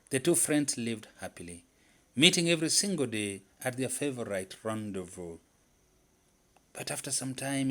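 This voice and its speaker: A man narrating a folktale in an animated, dramatic storytelling manner. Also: mid-range voice.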